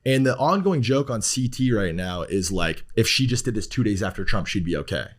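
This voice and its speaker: A man's voice: lowish voice, expressive, brisk. A man, a podcast guest who talks bluntly, rambles with fillers and swears often. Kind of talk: casual podcast talk.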